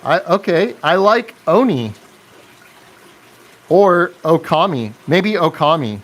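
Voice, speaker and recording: Male live-stream host, slightly higher voice, unhurried, chatty with viewers. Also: expressive. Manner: chatty, reads and answers viewer comments, laughs often. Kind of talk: casual live stream chat.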